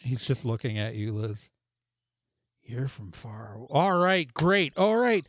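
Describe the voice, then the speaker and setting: A man's voice: medium pitch, slow, no room sound. A man running a tabletop game as game master, narrating in a rambling way full of fillers and restarts. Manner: rambling, self-interrupting narration with many fillers.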